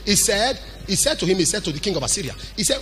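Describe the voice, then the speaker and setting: A man preaching a sermon as a pastor, animated, with sudden shouts and a sing-song cadence. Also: high voice, rapid-fire, soft background music.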